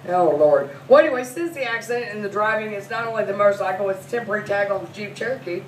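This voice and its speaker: A woman's voice: mid-range voice, quick pace. Brash, profane woman in her forties doing stand-up, heard from a distance over background noise. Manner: brash, profane, laughing through lines. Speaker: massage therapist. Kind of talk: stand-up comedy storytelling. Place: comedy club. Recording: echoey room, mic from a distance, noisy.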